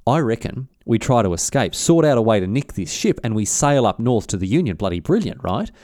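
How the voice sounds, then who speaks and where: A man's voice: medium pitch, very animated, fairly quick, darkish tone, no echo, clean studio sound, natural voice. A man voicing a bold, scheming enslaved ship pilot in a retold history story, speaking in slangy, reassuring, matter-of-fact lines.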